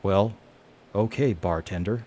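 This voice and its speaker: A sulky, heartbroken loner speaks in a low, dry mutter, as a man plays him while reading his script. He sounds flat and a bit sarcastic. The voice drops a little below the reader's usual tone. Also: measured pace.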